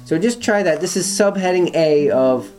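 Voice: mid-range voice, animated, normal speed, a little mellow. A music teacher explaining call and response during a guitar lesson, thinking aloud with restarts and fillers, with guitar playing in between.

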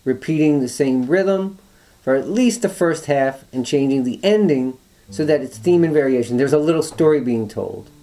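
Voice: mid-range voice, lively intonation, normal speed, warm tone. A music teacher explaining call and response during a guitar lesson, thinking aloud with restarts and fillers, with guitar playing in between.

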